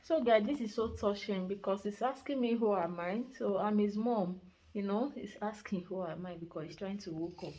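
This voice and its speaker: A woman vlogging as a mother from a hospital room. She talks casually to viewers and soothes her son softly, repeating reassurances. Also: mid-range voice, normal speed, highs cut off. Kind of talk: casual vlog chat.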